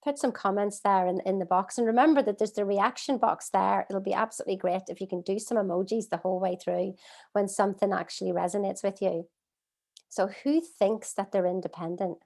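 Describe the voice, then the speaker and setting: A middle-aged woman leading a live online coaching masterclass from home, earnest and expressive, asking her audience many rhetorical questions. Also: mid-range voice, brisk, creaky. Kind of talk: live-streamed coaching talk. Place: at home, streaming by video call.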